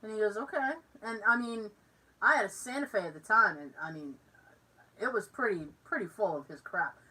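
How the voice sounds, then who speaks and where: A woman's voice: mid-range voice, moderate pace, bright, forceful tone, slightly rough, recorded from a distance, poor audio. A woman from Massachusetts with a Massachusetts accent, co-hosting a podcast and telling a story in casual chat. She acts out the lines of other people in the story. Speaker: podcast co-host.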